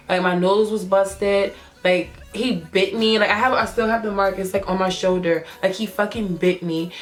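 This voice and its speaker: A young woman recounts a wild personal story straight to camera. She curses freely and keeps slipping into the voices of the people she quotes. Her pitch sits in the middle for a woman. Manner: profane, animated retelling with acted quotes. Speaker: vlogger. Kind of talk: storytime vlog.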